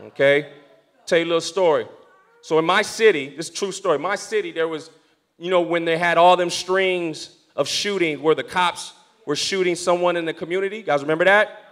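A young man preaching, telling a story from the pulpit and moving between hushed, prayerful passages and loud, excited ones. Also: on the high side, brisk. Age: young adult. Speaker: pastor. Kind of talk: sermon storytelling.

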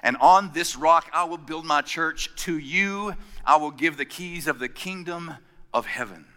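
Male preacher, slightly high voice, lively storyteller who acts out the lines, long church reverb. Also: measured pace. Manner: storytelling with acted-out quotes, swinging from loud to hushed. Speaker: pastor. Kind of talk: sermon.

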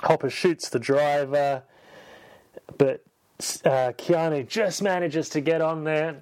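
A man excitedly retelling a film in a casual, swear-filled way, acting out the characters' lines as he goes. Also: on the high side, slow. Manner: animated, swears a lot, acts out lines. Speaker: podcast host retelling a film.

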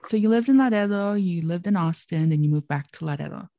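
A woman's voice: lowish voice, expressive, fast talker, mellow, no room sound. A woman interviewer asking casual, encouraging follow-up questions.

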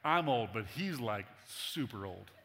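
A man's voice: mid-range voice, animated, measured pace, pushed and bright. A man putting on a sassy, exasperated old woman. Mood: incredulous. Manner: sassy, incredulous. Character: exasperated old woman mocking her ancient husband. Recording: long hall reverb.

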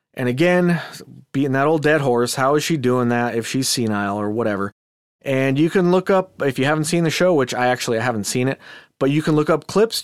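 A man's voice: mid-range voice, no room sound, studio quality. A man hosting a casual commentary podcast, chatty and skeptical, talking with asides and restarts. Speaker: podcast host.

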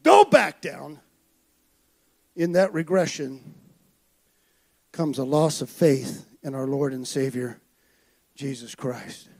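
A man preaching a sermon with passion, building to shouted high points. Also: animated, slow pace, creaky, pauses often. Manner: impassioned preaching that swells to shouts.

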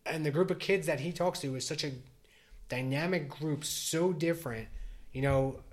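Rambling dad podcaster. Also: male voice, a little high, normal speed. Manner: rambling, many restarts and "like" fillers. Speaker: podcast co-host. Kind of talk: casual chat.

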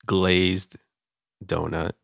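A man co-hosting a casual podcast, laid-back and quick with joking asides. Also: low voice, little pitch movement, vocal fry, fairly bright tone, no room sound, clean studio sound. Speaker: podcast co-host. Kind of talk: casual chat.

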